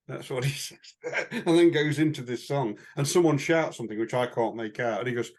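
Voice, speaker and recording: A man's voice: mid-range voice, a little fast. Chatty man telling stories. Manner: chatty anecdotal storytelling with frequent fillers and chuckles. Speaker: podcast co-host. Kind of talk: casual chat.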